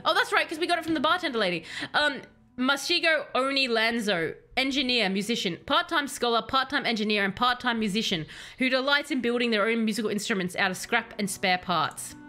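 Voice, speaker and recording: A woman streaming a game, chatting with viewers and reading game text aloud in a chatty, animated way. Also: on the high side, a little fast, faint music behind. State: has a headache. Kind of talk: casual game commentary with chat.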